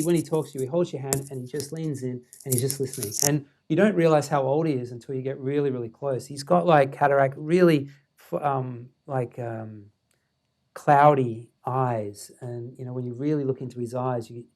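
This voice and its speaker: A man who is a meditation teacher, telling a story as a podcast guest in an animated way, laughing often. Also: mid-range voice, brisk. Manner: animated, many fillers and restarts, laughing often.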